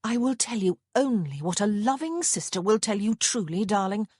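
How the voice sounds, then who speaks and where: A woman's voice: medium pitch, animated, normal speed, a little mellow, slightly rough, no echo, clean studio sound, voice pushed up. A woman voicing Honor, a stern, bossy young woman who gives emphatic commands to her sister.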